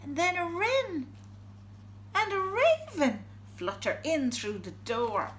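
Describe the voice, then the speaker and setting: Animated woman reading a picture book aloud. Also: very high voice, takes it slowly, echoey room, slight background noise. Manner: animated, with gasps and questions to the children. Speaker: parent reading to her boys.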